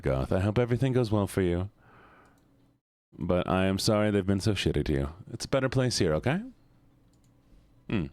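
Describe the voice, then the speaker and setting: A man's voice: low-pitched, animated, moderate pace, long pauses, a little mellow, no echo. A man streaming and chatting casually with his viewers in a playful, exclamatory manner, talking back to chat.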